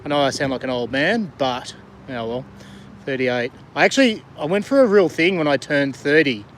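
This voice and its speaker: Middle-aged Australian man, a touch high-pitched, casual rambling live-streamer chatting from a kayak outdoors. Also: expressive, normal speed, a bit bright, slight background noise. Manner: chatty, rambling, friendly, many fillers. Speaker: vlogger and diver. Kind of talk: casual live-stream chat, reading viewer comments. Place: outdoors on a river kayak in the rain.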